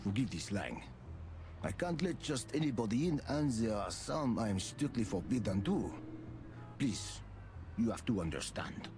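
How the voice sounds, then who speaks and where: Game bull bouncer: low, courteous, lilt, swings in pitch. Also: male voice, sing-song, measured pace, over music. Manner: formal, courteous, calls everyone gentlemen or sir. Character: towering polite bull bouncer at a club door. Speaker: game character.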